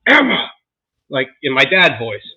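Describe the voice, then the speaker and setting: Bright, high-voiced ranting dad. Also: male voice, moderate pace, dull audio. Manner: animated venting, swears, laughs. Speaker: podcast co-host. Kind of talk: casual chat.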